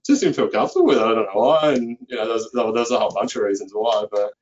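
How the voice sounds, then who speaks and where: An accountant speaking as a guest in a relaxed interview, filling his speech with "you know". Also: medium pitch, fast talker, highs cut off. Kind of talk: conversational interview.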